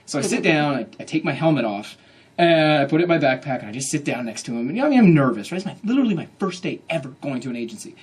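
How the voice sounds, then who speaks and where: A man in his thirties telling a comic story to an audience at a book event, animated and self-mocking, acting out his own inner voice. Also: on the high side, very fast, breathy edge.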